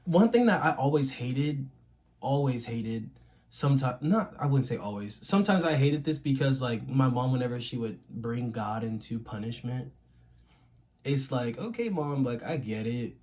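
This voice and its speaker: A young man co-hosting a podcast, telling a childhood story in casual chat, animated and often laughing. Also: medium pitch, moderate pace. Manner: animated, laughing, acts out quotes. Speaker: podcast co-host.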